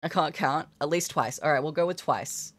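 Giggly young woman streamer, lowish voice. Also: moderate pace. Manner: playful, giggly, talks to chat. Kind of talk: casual live-stream chat while drawing.

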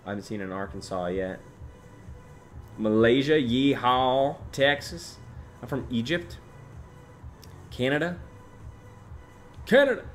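Animated young man chatting with a stream. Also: mid-range voice, measured pace, long pauses, soft background music. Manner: swearing, animated, shouts out chat names and places. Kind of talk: casual livestream chat reading viewer comments.

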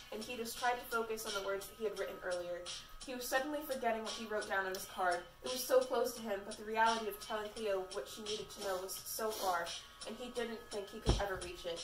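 A woman's voice: mid-range voice, fast. A woman reading fan fiction aloud in a casual, amateur way. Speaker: fanfiction reader. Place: room at a party. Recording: echoey room, mic far off, faint music.

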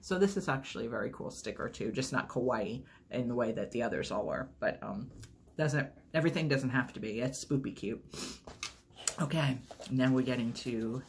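A woman's voice: extremely low pitch, moderate pace, slight background noise. A woman chatting casually through an unboxing video, rambling and gushing over each item. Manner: enthusiastic, gushing. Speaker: unboxing vlogger.

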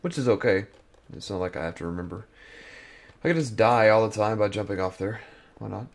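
A young man with a fairly low, gravelly voice gives casual let's-play commentary at a fairly quick pace. He mutters to himself while sorting items and exploring, sounding sleepy and yawning.

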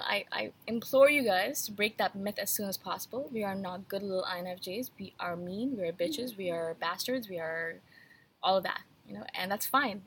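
Her voice is medium-pitched and fairly bright with a breathy edge, and she's a little feverish. This woman YouTube host gives a casual rant to camera, speaking frankly and emphatically to her viewers as she rambles.

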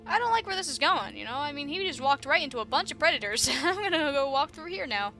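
Young woman, casual let's-play chatter, bright high voice. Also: very animated, fast, faint music behind. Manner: chatty, laughing asides. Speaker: gamer.

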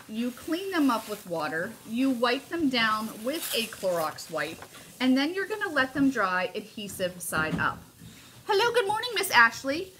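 Bright, chatty woman crafter. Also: on the high side, slight background noise. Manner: chatty, addresses viewers as "you guys", laughs often. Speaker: craft demonstrator. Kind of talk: casual live craft tutorial.

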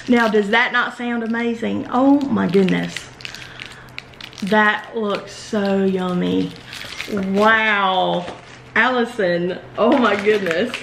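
A woman's voice: on the high side, reverberant, a little hiss or hum. Gushing Southern woman unboxing mail. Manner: gushing, excitable, slow-spoken. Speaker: YouTuber opening fan mail. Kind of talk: casual unboxing vlog. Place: indoors at a table.

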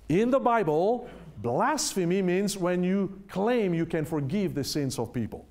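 Emphatic high-voiced male preacher. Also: lively intonation, darkish tone. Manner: emphatic, asks the listeners rhetorical questions; reads scripture aloud slowly with heavy stress. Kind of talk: sermon.

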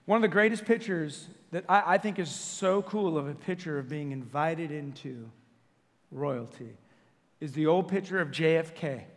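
A man preaching as senior pastor, his voice sitting a bit high. He jokes and tells stories, catching and restarting his words as he goes. The sound carries a long reverb from a church sanctuary. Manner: jokey, animated storytelling with self-corrections. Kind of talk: sermon.

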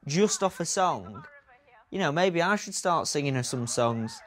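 Cheeky, swearing man, lively pitch. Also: measured pace. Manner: cheeky, swearing, laughs a lot. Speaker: TV viewer commenting. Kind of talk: casual banter with his sister.

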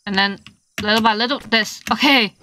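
A woman's voice: fairly high pitch, moderate pace, pushed and bright, a little hiss or hum. A young woman streaming a game live, swearing and yelping in frustration as she plays. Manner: swearing, frustrated outbursts and playful yelps. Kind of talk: live gameplay stream chatter.

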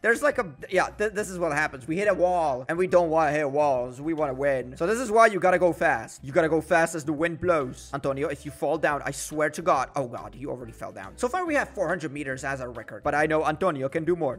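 Young guy yelling and joking over a game, pretty high voice, bit of music going. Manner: jokey, excitable, dramatic outbursts. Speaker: gaming YouTuber. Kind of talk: gameplay commentary. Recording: faint music behind.

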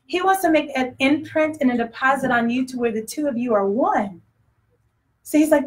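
A woman's voice: high voice, moderate pace, rough recording. A woman preaching a sermon in a conversational way, often acting out voices and laughing.

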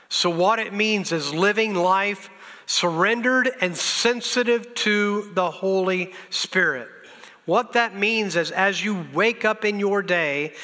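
High, bright-voiced pastor preaching. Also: male voice. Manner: earnest, exhorting, repeats lines for emphasis; self-deprecating humor, chuckles at himself. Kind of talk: sermon. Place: church sanctuary. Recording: reverberant church sanctuary.

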